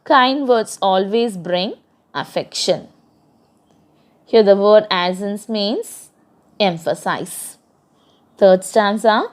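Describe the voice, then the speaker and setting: A woman's voice: medium pitch, slow pace, long pauses. A woman teacher with an Indian English accent, reading a poem aloud to a class and explaining it line by line, defining the words. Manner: reads verses then paraphrases and defines words.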